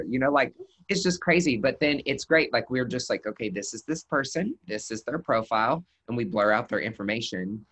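A man's voice: mid-range voice, fairly quick. A man, a nurse injector, chatting casually as a webcast guest and telling stories with acted-out quotes. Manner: animated storyteller, acts out quotes.

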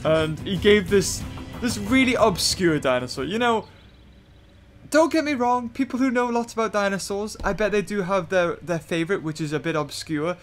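A man's voice: sits high, normal speed, soft background music. A young man chatting casually and rambling with self-mocking humor while commentating on a game he is playing. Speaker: gaming channel host.

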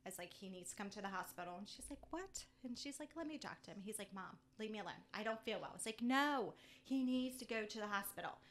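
A middle-aged woman chatting as a podcast guest, telling a story with lively acted-out dialogue. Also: medium pitch, fast talker, hardly any pauses, slight background noise. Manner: animated storyteller who acts out quoted dialogue. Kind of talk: casual chat.

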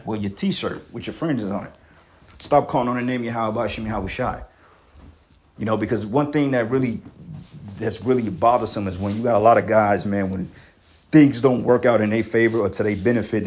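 A man's voice: on the low side, a little mellow, a little hiss or hum. A man preaching a blunt, profane sermon, reading scripture aloud and confronting critics, peppering his speech with "man" and "bro".

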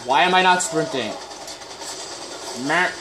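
A man's voice: on the high side, slow pace. A man giving casual live gameplay commentary, chatting and reacting aloud with sudden exclamations and muttered groans.

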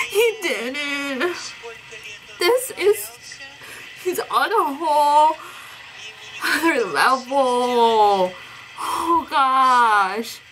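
A woman reacting live to a broadcast, excitable and emotional, gasping and sighing often and sounding close to tears. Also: high voice, poor audio. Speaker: reaction vlogger.

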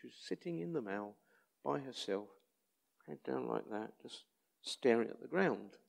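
A man's voice: medium pitch, expressive, measured pace, gravelly. A man with an English accent, a street chaplain, telling personal stories in a conversational, anecdotal way during a church talk. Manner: conversational anecdotal storytelling, acts out quoted voices.

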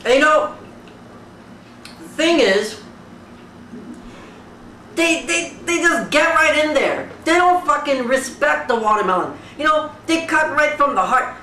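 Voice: high voice, measured pace, long pauses. Swearing comic ranter, roomy and distant. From Fiji. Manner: loud, animated, swearing constantly, exaggerated outrage. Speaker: comedian recreating a talk show. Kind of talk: profane comic rant to camera. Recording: roomy echo, distant mic, faint background hiss.

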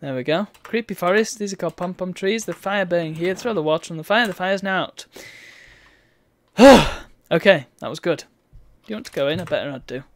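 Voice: medium pitch, fairly quick, dry recording. A game streamer giving chatty, wry let's-play commentary and reading on-screen text aloud.

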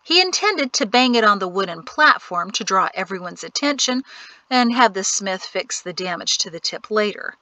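A woman narrating an audiobook chapter in a steady storytelling manner. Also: medium pitch, normal speed, no room sound, low-quality recording. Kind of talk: scripted narration.

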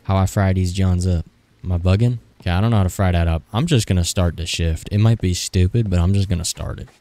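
A man's voice: low voice, quick pace, warm tone, dry recording. A young man in his twenties doing casual, frantic gameplay commentary, swearing and joking to himself as he plays. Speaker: gaming streamer.

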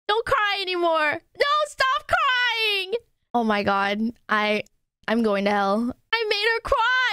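A young woman streamer with a very high, bright voice, recorded close and dry. She talks loudly and playfully, throwing in dramatic outbursts. It is casual stream chat. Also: sing-song, moderate pace, dry recording.

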